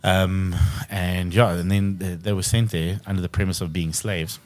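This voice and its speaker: A man's voice: low-pitched, level tone, moderate pace, darkish tone, faint music behind. A South African man co-hosting a casual podcast, telling stories with lots of swearing and joking. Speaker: podcast co-host. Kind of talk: casual chat.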